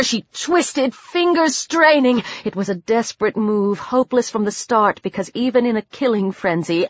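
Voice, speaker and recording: A woman's voice: mid-range voice, fairly bright tone, dry recording, lo-fi sound. A woman reading a thriller audiobook as narrator, building into tense, dramatic passages. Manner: tense, dramatic reading that rises into fighting cries. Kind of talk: scripted narration.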